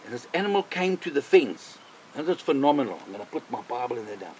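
An older man, a missionary, telling a personal faith testimony in an animated way, repeating phrases for emphasis. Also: medium pitch, fast, a little hiss or hum, rough recording. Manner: animated, vivid storyteller who repeats himself for emphasis.

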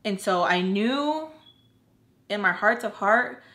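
A woman's voice: mid-range voice, lively intonation, slow, sharp tone. Young woman rambling through a storytime. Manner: rambling, fills with "like" constantly; candid, emphatic, cuts off swears. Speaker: YouTube storyteller. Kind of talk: casual storytime.

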